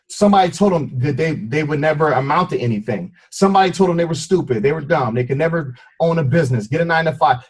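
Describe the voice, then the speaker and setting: A man with a fairly high, husky voice gives a motivational team talk. His pitch swings widely as he tells a story and acts out quick voices and meows. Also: darkish tone. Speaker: motivational speaker.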